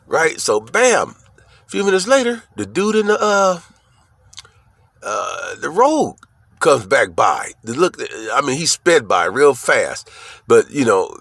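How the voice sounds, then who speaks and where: A man talking casually to the camera, telling a story in an animated way, swearing often and checking in with "right?" after his lines. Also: mid-range voice, a little slow, vocal fry, no room sound. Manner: animated, profane, repeats "right?" and "you know what I'm saying?". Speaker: vlogger.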